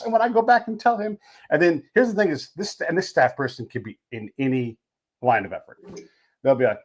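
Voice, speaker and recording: Podcast host, man, husky and animated, wide-ranging pitch, profane. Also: fast talker. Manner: animated storyteller, profane, acts out voices. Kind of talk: casual interview chat.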